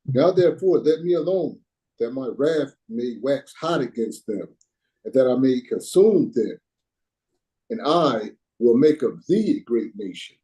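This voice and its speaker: A man reading Bible verses aloud in a steady, formal way. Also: mid-range voice, unhurried, low-quality recording. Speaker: scripture reader.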